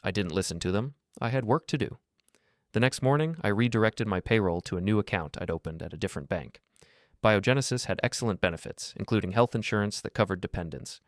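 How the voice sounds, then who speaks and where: A man giving calm, cold, measured first-person scripted narration. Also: fairly low pitch, dry recording, clean studio sound.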